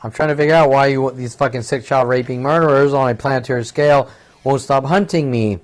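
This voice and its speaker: A man in his fifties delivering an agitated, profane, rambling monologue that keeps circling back on itself. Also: medium pitch. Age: 50s. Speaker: vlogger.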